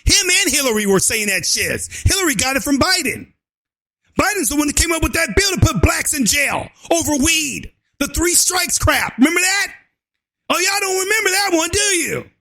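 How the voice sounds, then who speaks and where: Man, political vlog rant, very high pitch, bright edge, shouting, crude slang. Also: lively intonation, moderate pace. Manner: fiery, keeps shouting and adding "and so forth". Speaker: vlogger. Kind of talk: ranting political commentary.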